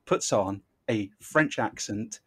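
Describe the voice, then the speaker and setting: A male podcast host with a slightly husky voice, heard close up in a dry, dead room. He talks casually and wryly, leading the chat and joking at his guests' expense. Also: on the low side, takes it slowly, fairly bright tone, no echo. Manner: wry, dryly joking, with fillers.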